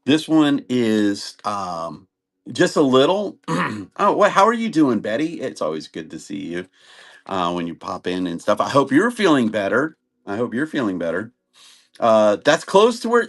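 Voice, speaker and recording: A talkative man runs a casual live-stream sale. His pitch moves up and down a lot as he chats, and his voice sits in the middle of the male range. He rambles loosely and keeps adding little fillers. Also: creaky, fairly bright tone. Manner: rambling, chatty, says "and stuff" often. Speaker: live auction seller.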